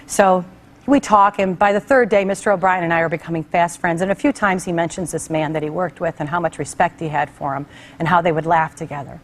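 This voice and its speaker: There's slight background noise as a middle-aged woman talk show host, her voice lowish, recounts a heartfelt personal story. She speaks conversationally, giving animated voices to those she quotes.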